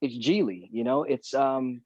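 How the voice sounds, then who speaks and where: A man talks through a video call, relaxed and joking as he tells stories from his career. His voice comes through dull and dry, with little room sound. He speaks at an ordinary pitch. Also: unhurried, breathy edge, no room sound. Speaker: actor guest. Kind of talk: casual podcast chat.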